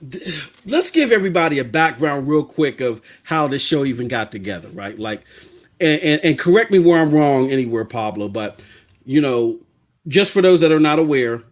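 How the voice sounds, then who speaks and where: A male podcast host in casual, animated chat, talkative and loose, out of breath from running up and down stairs. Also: fairly high pitch, normal speed.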